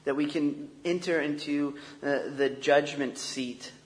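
A man's voice: fairly high pitch, fairly even intonation, slow pace. Earnest man preaching in an echoey hall. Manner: earnest, conversational with restarts. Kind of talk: sermon. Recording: long echo of a large hall.

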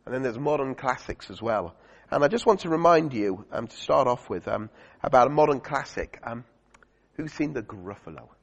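Male preacher, conversational sermon; husky tone, long church reverb. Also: mid-range voice, lively intonation, normal speed. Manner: chatty, uses fillers and asks the congregation questions. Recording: dull lo-fi recording in a reverberant church hall.

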